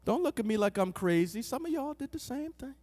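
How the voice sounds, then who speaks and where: High, lively-voiced man preaching a sermon. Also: brisk, big-room sound. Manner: dramatic, shouting peaks and sudden soft asides.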